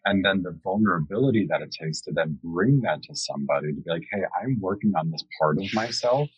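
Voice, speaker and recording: A man's voice: deep voice, lively intonation, a little fast, husky, no room sound. A man hosting a podcast interview, talking in a reflective, affirming way and repeating key words for emphasis, on a slightly dull lo-fi recording. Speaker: podcast host.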